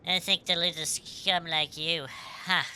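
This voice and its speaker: A woman's voice: lowish voice, level tone, unhurried, sharp tone, clean tone. A woman voicing a brash, cocky young female thief from a game, tough and slangy, reading the dialogue aloud.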